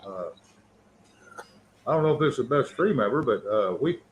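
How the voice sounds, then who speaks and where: A man's voice: mid-range voice, animated, moderate pace, slight background noise, low-quality recording. A man hosting a livestream and bringing callers on, talking in a loose, rambling, friendly way. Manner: rambling, friendly and welcoming to guests. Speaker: livestream host. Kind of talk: casual chat.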